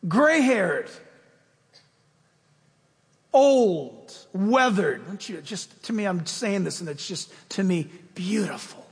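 A man preaching a sermon as pastor, telling stories with lively swings between loud emphasis and soft asides. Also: sits high, takes it slowly, long pauses, long reverb tail.

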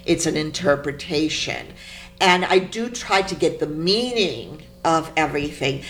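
A woman poet being interviewed, telling stories in an animated, emphatic way. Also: fairly low pitch, slight background noise. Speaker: poet guest. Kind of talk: interview conversation.

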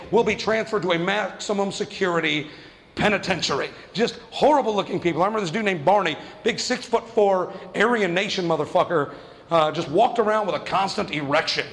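A man doing stand-up, telling a story in an animated way and jumping into quoted voices. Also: sits high, vocal fry, big-room sound. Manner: animated, acts out quoted voices with big jumps. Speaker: stand-up comedian.

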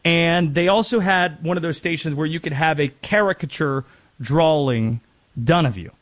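A man's voice: fairly high pitch, normal speed, a bit bright. A man from North Carolina hosting a sports talk show, chatting and rambling with self-deprecating asides. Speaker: sports radio host.

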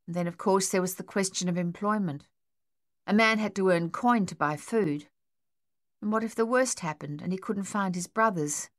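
A woman reading a story aloud in an even, measured narration. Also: on the low side, no echo, studio quality. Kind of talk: audiobook narration.

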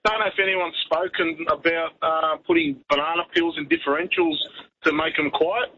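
A man's voice: fairly high pitch, fairly even intonation, moderate pace. A male caller with a laid-back, wry, matey way of talking. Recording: muffled phone line with faint noise.

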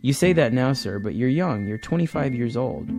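A man reading aloud a loyal, formal older butler who gently chides his young master. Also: mid-range voice, lively intonation, moderate pace, creaky, over music, pitched above the performer's own voice. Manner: formal, calls him sir. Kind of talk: reading a comic script aloud.

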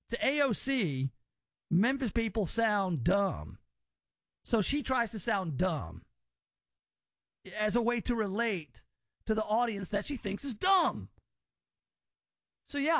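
High-voiced opinionated man. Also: a bit bright, no echo. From Southern US. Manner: opinionated and rambling. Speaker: podcast host. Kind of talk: casual chat.

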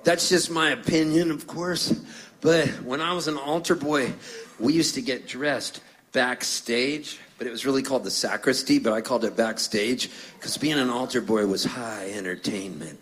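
A man's voice: mid-range voice, moderate pace, fairly bright tone. A middle-aged man from Canada, a singer-songwriter telling stories between songs on stage, chatty and jokey, acting out the voices of people in his tales. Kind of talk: storytelling stage banter.

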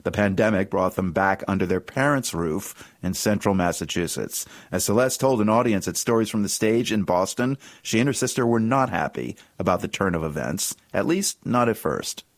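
Low-voiced male radio news host. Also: animated, normal speed, few pauses, no room sound, clean studio sound. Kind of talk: scripted news introduction.

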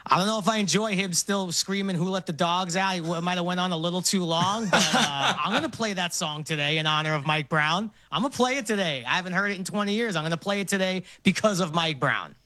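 Bright-voiced Brooklyn man telling stories. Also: sits high, no echo. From Brooklyn, New York. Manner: animated storytelling, quick laughs. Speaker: guest. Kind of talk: casual interview chat.

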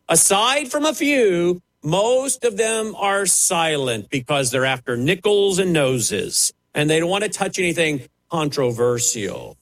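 A man's voice: on the high side, fairly bright tone. A man preaching a sermon as a television preacher, emphatic and dramatic, swinging sharply up and down as he drives his points.

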